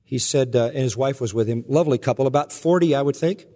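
A man preaching in a measured, earnest storytelling manner, easing into quieter, slower delivery for the moving moments. His voice sits at a middle pitch. The sound carries a long hall reverb. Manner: earnest storytelling, slows and softens for emotional quotes. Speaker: pastor. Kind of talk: sermon.

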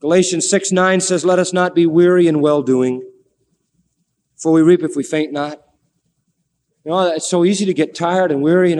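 A man's voice: normal speed, long pauses, darkish tone. Folksy preacher man in a reverberant hall. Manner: folksy, acts out biblical voices with big pitch swings. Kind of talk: sermon.

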